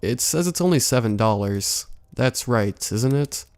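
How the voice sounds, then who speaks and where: A man's voice: mid-range voice, lively intonation, a little slow, darkish tone, smooth. A man voicing a vain, dismissive teenage girl in a spooky story. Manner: scoffing, dismissive.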